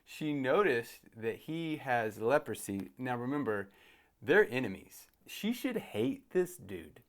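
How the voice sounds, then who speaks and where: A man in his thirties, a youth ministry host, retelling a Bible story casually and acting out the characters in quick asides. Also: medium pitch, big pitch swings.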